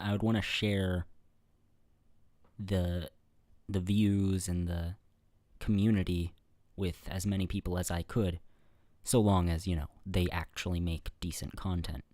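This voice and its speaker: A young man hosts a casual Q&A vlog as a YouTuber answering viewer questions, rambling with fillers and restarts and laughing at his own remarks. His voice is low-pitched with a darkish tone. The recording is dry, made on a webcam setup facing the camera.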